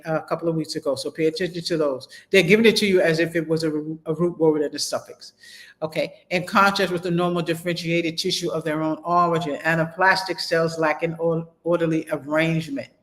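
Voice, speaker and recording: A man leads a relaxed online medical terminology class, moving briskly through textbook passages and then stopping to repeat and spell important terms. His pitch is fairly high, his tone steady and a bit bright, and he chats directly to students as "y'all."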